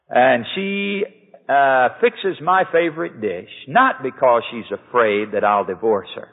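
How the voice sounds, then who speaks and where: A man preaching a sermon as a pastor, talking earnestly and conversationally and often putting rhetorical questions to his listeners. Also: on the high side. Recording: echoey hall over a tinny lo-fi line.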